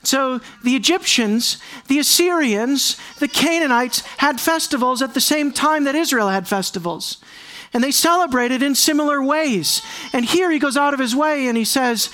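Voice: sits high, normal speed, fairly bright tone. A preacher giving an expository sermon, speaking emphatically, repeating key lines and putting questions to the congregation.

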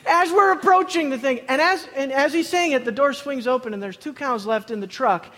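A man with a notably high voice spins a comic tale for a crowd, words tumbling out between bursts of laughter and quick restarts. His voice rings out in a big hall with a long, lingering reverb. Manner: laughs often mid-sentence, excited, repeats words. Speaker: speaker telling a story to a live audience. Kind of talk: animated personal storytelling.

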